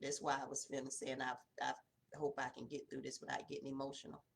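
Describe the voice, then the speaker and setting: A woman, telling a personal testimony in a casual, conversational way. Her voice drops low and soft in the emotional stretches. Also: monotone, quick pace, gravelly. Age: 40s. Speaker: host of a morning devotional.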